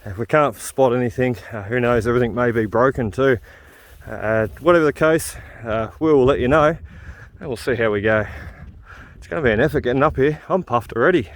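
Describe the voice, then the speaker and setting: A man's voice: medium pitch, a little fast. A man chatting casually as he walks outdoors on a hill, rambling with lots of fillers as he hunts for relics. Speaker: vlogger relic hunting. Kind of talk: casual walk-and-talk commentary.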